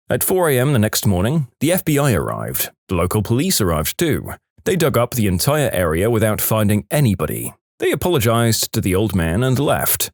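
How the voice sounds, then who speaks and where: Low-voiced man reading jokes, lively delivery. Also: a little fast, no room sound, clean studio sound. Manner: reads jokes aloud, laughing at the punchlines. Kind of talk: joke compilation narration.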